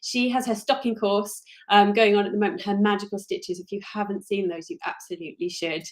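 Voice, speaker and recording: A woman's voice: medium pitch, fairly even intonation, brisk. A woman with a British accent, a crochet designer hosting a casual live stream, talking in a rambling, chatty and apologetic way.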